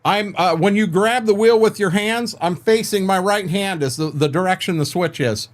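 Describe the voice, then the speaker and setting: A man's voice: high-pitched, normal speed. An older man streaming a farming game from home, chatting casually with viewers on a desk microphone, rambling and repeating his words as he talks. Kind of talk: casual livestream chat with viewers.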